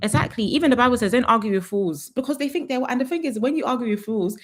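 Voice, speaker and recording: A woman's voice: fairly high pitch, expressive, fast talker, few pauses. A young woman, chatting sassily through a live reality TV review and laughing often.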